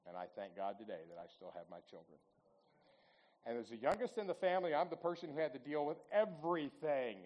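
A man's voice: mid-range voice, darkish tone, low-quality recording. A man in his sixties giving a folksy storytelling talk at church, chatting with the audience and asking them questions. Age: 60s.

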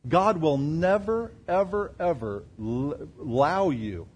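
A husky, slightly higher-pitched man preaching a sermon. He keeps asking the congregation rhetorical questions. His voice rises to loud emphasis, then drops to quiet, low asides. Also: animated, slow pace. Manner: asks the crowd rhetorical questions; swings between loud emphasis and quiet lows. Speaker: pastor.

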